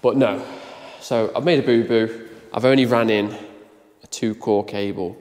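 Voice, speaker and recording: A man's voice: fairly low pitch, steady tone, unhurried, darkish tone. An electrician vlogging casually, a bit ill and tired, explaining his work and his own mistakes in a chatty, self-deprecating way. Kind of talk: casual vlog chat. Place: building site and van, handheld camera. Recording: long reverb in an empty room.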